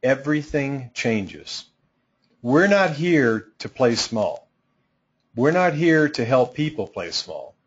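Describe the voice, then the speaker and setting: A man's voice: mid-range voice, very animated, slow pace, husky. A middle-aged man teaching a coaching seminar, talking in a direct, emphatic and playful way. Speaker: coaching instructor. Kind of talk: training seminar talk. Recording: dull lo-fi sound.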